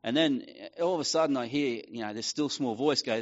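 Pastor telling a lively sermon story. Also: male voice, medium pitch, a little fast, dull audio. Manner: animated storytelling with voiced quotes, casual asides.

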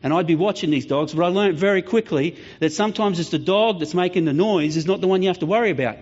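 His voice sits high and moves at a quick pace while he preaches. The pastor brings his sermon's stories to life by acting out voices, lively throughout, though the lo-fi sound is slightly dull.

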